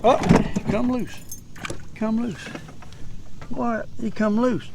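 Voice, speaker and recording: An older man with a Southern US accent giving excited, folksy commentary while fishing from a boat. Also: very high-pitched, slow pace, creaky, very noisy. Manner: excitable, folksy, talks to himself and viewers. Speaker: fishing vlogger. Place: outdoors on a boat on a lake.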